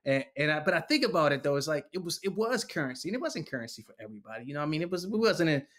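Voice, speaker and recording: A man in his forties telling stories casually in an interview, slangy and lively, acting out other people's voices and laughing often. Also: a little high, very fast. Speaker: interviewee, poet.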